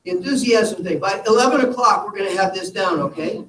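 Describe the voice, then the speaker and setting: A man giving an energetic motivational talk to a live audience, telling stories and speaking to them directly. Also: high voice, a little fast. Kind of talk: live keynote talk with slides. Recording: echoey hall from far off with faint room noise.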